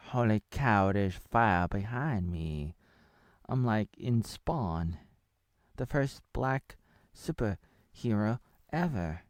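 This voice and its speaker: A man's voice: on the low side, expressive, takes it slowly, dry recording, clean studio sound. A man in his thirties from Oregon in the USA, giving a rambling spoiler review of a TV series and drifting between retelling scenes, jokes and murmured asides. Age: 30s. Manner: breaks into half-sung snippets and murmured asides.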